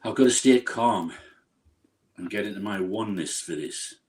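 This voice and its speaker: A man's voice: on the low side, normal speed, darkish tone. A man on a podcast panel giving blunt, opinionated views in casual chat.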